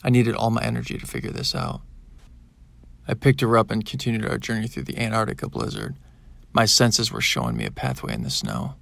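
Gravelly male audiobook narrator. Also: on the low side, animated, a little fast, a bit bright. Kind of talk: first-person scripted narration.

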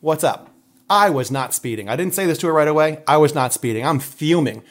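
Excitable loud guy swapping stories, voice sits kinda high. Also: quick pace. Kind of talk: casual chat, storytelling.

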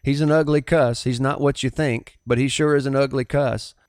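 A middle-aged pastor with a Southern US accent telling a personal testimony in an earnest, halting storytelling way. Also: male voice, mid-range voice, steady tone, darkish tone, no echo, clean studio sound.

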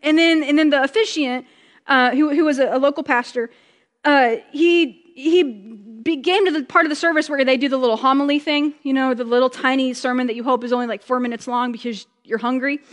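A woman preaching a conversational sermon, chatty and joking, slowing down for emphasis. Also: high-pitched, steady tone, big-room sound.

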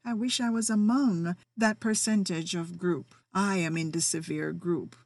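A woman's voice: fairly low pitch, steady tone, a little slow, dry recording. A middle-aged woman hosting a personal podcast, telling her own story in a feisty, emphatic way. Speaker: podcast host.

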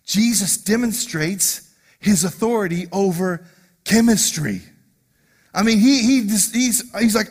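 Guy preaching, high voice, animated, acts out little scenes quietly. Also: slow pace, slightly rough. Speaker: lead pastor. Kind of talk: sermon.

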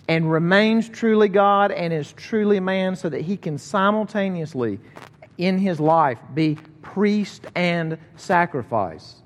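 A middle-aged male pastor preaching a sermon in an easy, conversational way that picks up energy when he tells a story. His voice sits a bit higher than most men's. It rings out with a long reverb across a large church hall. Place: church sanctuary.

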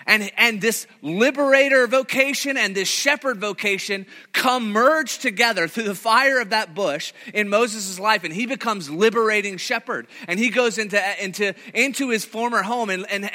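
A man preaching a sermon, telling a story with lively delivery and acting out quoted voices, with many restarts. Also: sits high. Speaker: pastor.

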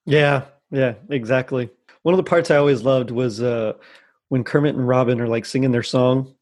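A man chatting casually as a podcast co-host, his pitch sitting in an ordinary middle range. He rambles through his thoughts with plenty of fillers and breaks into laughter often. The tone is relaxed and friendly. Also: normal speed. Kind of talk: casual chat about a holiday special. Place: lives in the U.S. South.

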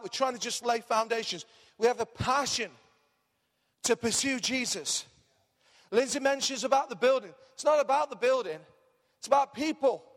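A man preaching a lively sermon as pastor, his voice strained, calling the congregation to repeat words back. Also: very high-pitched, in a large hall. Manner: energetic, animated preaching with call-and-response.

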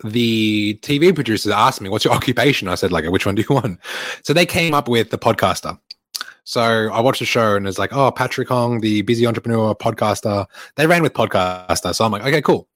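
A man's voice: on the low side, a bit bright, no room sound. A young man hosting his own podcast, rambling and swearing with lots of filler words while recording at an airport. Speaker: podcast host and online fitness coach. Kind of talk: casual solo podcast monologue.

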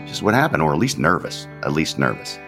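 A man's voice: rumbling low, big pitch swings, fairly quick, over music. A man, a pastor hosting his own podcast, giving an unscripted devotional talk in a candid, conversational way, often repeating his phrases.

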